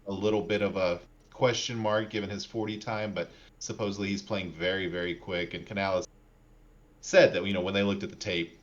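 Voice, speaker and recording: A man with a very deep voice chats casually about football on a podcast, rambling a little and leaning on fillers. His delivery stays laid-back. The recording sounds dull and lo-fi. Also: little pitch movement, a little fast. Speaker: podcast co-host. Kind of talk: casual sports podcast chat. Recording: dull lo-fi mic.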